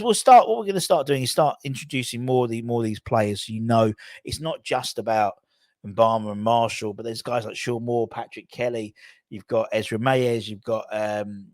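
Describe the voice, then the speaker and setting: A man's voice: mid-range voice, a little mellow, no echo, clean studio sound. A man hosting a football channel, giving casual, rambling commentary full of self-corrections.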